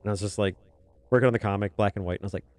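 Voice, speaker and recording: A man with a lowish voice and fairly even intonation talks very fast, with no room sound on the recording. Streaming his webcomic work, he chats casually, rambles, chuckles, and mutters softly as he draws, faint music behind him.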